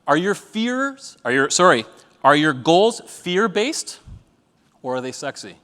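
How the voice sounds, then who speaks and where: A man's voice: on the high side, big pitch swings, measured pace, fairly bright tone. A man gives a live motivational talk to a room full of people. He speaks bluntly with plenty of swearing and tells stories with a joking edge. His voice carries a long reverb from the event hall. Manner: blunt, profane, joking storyteller. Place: event venue with an audience.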